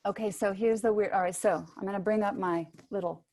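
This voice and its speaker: A woman voice teacher giving brisk, encouraging instructions to singers in an online workshop, heard over a video call microphone. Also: mid-range voice, steady tone, darkish tone. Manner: brisk, encouraging coaching with spoken demonstrations.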